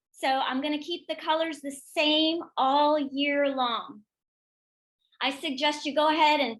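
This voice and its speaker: Her voice is high and a bit bright. In her role as a teacher trainer, she leads a professional development talk, breaking into lively bursts as she models the chants, call-outs, and vocabulary routines teachers can use in class.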